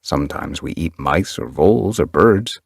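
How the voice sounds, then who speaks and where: A tough young warrior cat speaks plainly and bluntly in a deep, husky voice, as a man reading the story puts him on. The recording is close and dry. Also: lively intonation, moderate pace, no room sound, full character voice. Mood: matter-of-fact. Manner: blunt, matter-of-fact.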